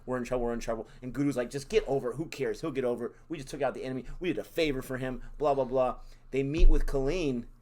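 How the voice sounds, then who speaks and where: A man co-hosting a casual review chat, recapping scenes in a measured way and acting out quotes. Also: mid-range voice, a little mellow. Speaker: co-host reviewing a series.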